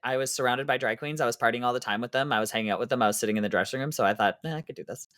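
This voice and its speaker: A man's voice: medium pitch, fairly even intonation, rapid-fire, fairly bright tone, clean tone, dry recording, studio quality. A man from Canada who performs in drag, guesting on a podcast and telling stories in a camp, theatrical way with self-mocking boasts. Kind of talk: casual podcast chat, storytelling.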